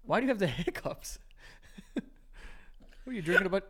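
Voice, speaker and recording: A man's voice: high voice, very animated, fairly quick, a bit bright, slightly rough. A man co-hosting a podcast in casual chat, teasing his friend and laughing often. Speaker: podcast co-host.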